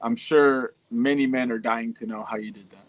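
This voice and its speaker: A man's voice: mid-range voice, steady tone, moderate pace. A young man chatting casually on a livestream, reading out fan messages in a laid-back, slangy and profane way.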